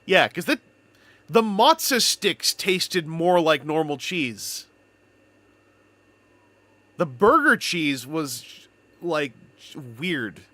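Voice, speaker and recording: A man's voice: on the high side, very animated, drawn-out words, long pauses, sharp tone, dry recording. A man from Canada chatting casually on a live stream, telling rambling stories with playful wordplay.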